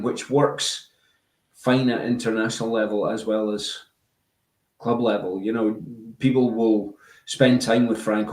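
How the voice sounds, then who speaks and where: A man giving measured, analytical views as a podcast guest in casual chat. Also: medium pitch, darkish tone, far from the mic. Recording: echoey room, away from the mic.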